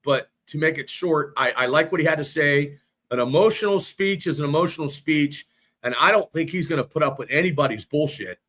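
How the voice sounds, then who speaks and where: A man on a casual sports podcast talks in a rambling, excitable way, peppering his talk with swearing. His voice sits a bit high and rings bright. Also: brisk. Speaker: podcast co-host.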